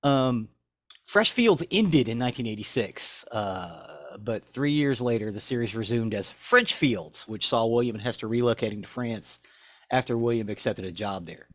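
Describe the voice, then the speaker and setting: A man's voice: mid-range voice, expressive, normal speed, no room sound. A man co-hosting a podcast, who reads facts aloud from his notes and then chats loosely. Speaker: podcast co-host. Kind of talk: reading show notes and casual chat.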